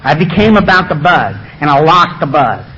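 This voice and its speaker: A middle-aged man telling his recovery story to a meeting, animated and acting out the voices of others. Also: a little high, moderate pace, dull audio, slight background noise. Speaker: AA speaker. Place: meeting room with audience.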